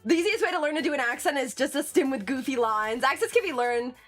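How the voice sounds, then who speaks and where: A woman's voice: high voice, lively intonation, quick pace, fairly bright tone. A woman streamer chatting casually on a livestream, talkative and giggly, calling herself a yapper. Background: faint background music.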